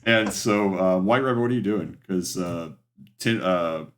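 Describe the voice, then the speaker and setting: Game master, male, lowish voice, halting filler-heavy narration.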